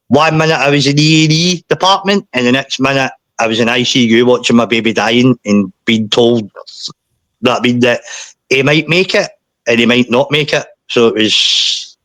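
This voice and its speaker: A man, a podcast guest, recounting a painful personal story in a halting way, often repeating himself and saying mate. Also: medium pitch, a bit bright, no room sound.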